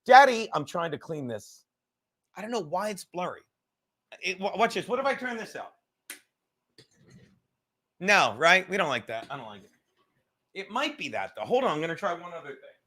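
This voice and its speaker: A man's voice: high voice, sing-song, moderate pace, long pauses, sharp tone. Fired-up, profane man ranting on his podcast. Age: 30s. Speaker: podcast host. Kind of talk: profane livestream rant. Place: home, sitting on his couch.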